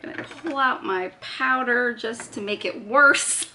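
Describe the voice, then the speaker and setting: A woman's voice: on the high side, a little slow, hardly any pauses, sharp tone. A woman chatting casually while she does her makeup, talking through each step and poking fun at herself. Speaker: beauty vlogger. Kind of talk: casual get-ready-with-me chat.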